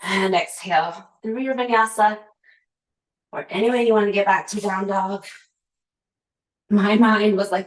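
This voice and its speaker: A woman's voice: mid-range voice, moderate pace, long pauses. A woman teaching a yoga class, calling out poses and breath cues with chatty, laughing asides. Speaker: yoga instructor. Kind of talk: guided yoga class cueing. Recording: echoey room.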